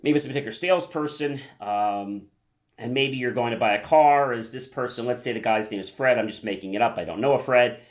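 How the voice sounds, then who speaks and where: A man's voice: medium pitch, a little fast. A man presenting a self-help lesson to the camera, in a casual, enthusiastic, chatty way, often checking in with the viewer. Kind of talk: casual instructional talk to camera.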